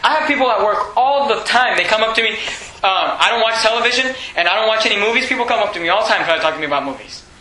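Emphatic preacher with a bright, high voice. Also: male voice, expressive, quick pace. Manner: emphatic, rising to loud bursts. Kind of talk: sermon. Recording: echoey room, faint hum.

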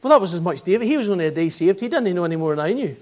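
A man's voice: high voice, animated, rapid-fire, darkish tone. A man in his sixties with a Northern Irish accent, preaching a gospel sermon and telling his own testimony with earnest, fervent appeals.

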